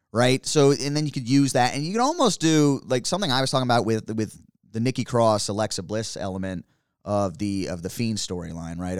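A man talking casually and rambling through animated opinions as a podcast co-host. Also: fairly low pitch, no room sound, studio quality. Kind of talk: casual wrestling chat.

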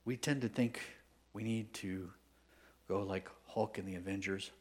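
With a lowish voice, fairly even intonation and a measured pace, a man delivers a sermon as a guest pastor. He shares stories conversationally, shifting from hushed whispers to loud, emphatic outbursts.

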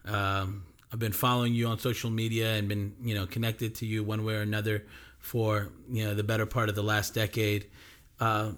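A man's voice: lowish voice, flat delivery, moderate pace, a bit bright. A man hosting a casual podcast interview, affirming his guest often.

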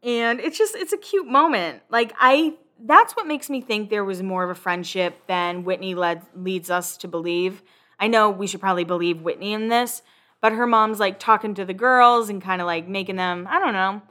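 A young woman chats through a show recap in a bright, forward voice. She talks loosely and swears freely as she goes. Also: mid-range voice, moderate pace. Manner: chatty, swears freely, quotes people in animated voices. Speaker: podcast host recapping a reality show. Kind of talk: casual recap chat.

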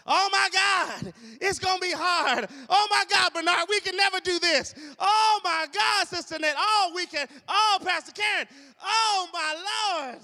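A man's voice: very high voice, measured pace, pushed and bright, pitched above the performer's own voice, full character voice. A man preaching, mimicking panicky complaining believers in a whiny, fretful voice, in a reverberant hall.

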